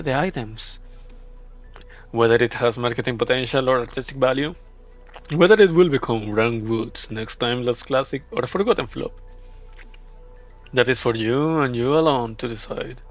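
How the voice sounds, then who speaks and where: A man voicing a formal male auctioneer who announces the items and bids in a brisk, showy way. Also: mid-range voice, natural voice. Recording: dull lo-fi, faint music.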